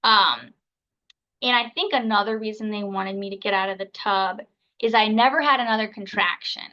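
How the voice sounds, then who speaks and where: A woman's voice: medium pitch, normal speed, dull audio. A woman in her thirties, a podcast guest telling a personal story in a casual, chatty way, full of fillers and acted-out quotes. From United States. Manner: chatty, filler-heavy, acts out others' words.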